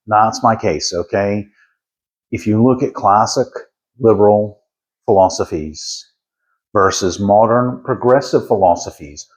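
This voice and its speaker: A man's voice: on the low side, a little mellow. A man delivering an opinion monologue to viewers, putting on a playful accent and pressing his points with repeated "okay?"s. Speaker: political commentator.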